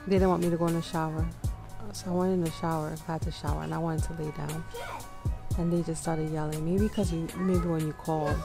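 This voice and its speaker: A young woman vlogger chatting casually and softly, drained and out of breath, full of "like"s. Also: low voice, flat delivery, fairly quick, gravelly. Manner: soft, tired, filler-heavy talk. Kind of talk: casual vlog chat. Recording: music playing behind.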